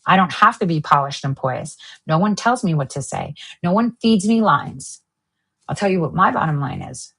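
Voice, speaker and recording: A woman's voice: lowish voice, expressive, moderate pace, fairly bright tone, slightly rough. A woman hosting her own online show, ranting angrily and swearing, jumping from one topic to the next. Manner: heated, swearing, jumps between topics. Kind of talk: angry political rant.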